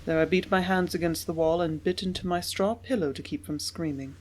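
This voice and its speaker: A woman narrating an audiobook in a measured, steady reading voice. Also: fairly low pitch, a little hiss or hum. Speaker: audiobook reader.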